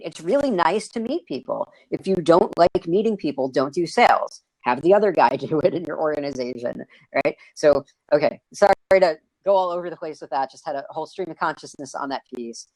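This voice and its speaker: An energetic, excitable man who hosts a casual live video-stream chat, raising his voice over a video call. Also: on the high side, brisk, no room sound, low-quality recording. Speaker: host.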